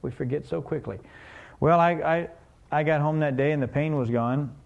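A man's voice: on the high side, moderate pace, gravelly, lo-fi sound. A man preaching a sermon, telling a story and asking the congregation questions in a conversational way.

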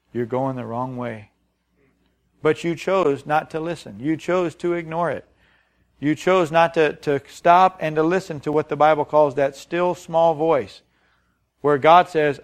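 Pastor guy preaching hard, slightly high voice, keeps asking the crowd stuff. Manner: emphatic preaching with call-and-response questions; reads scripture aloud, then explains it plainly. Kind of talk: sermon.

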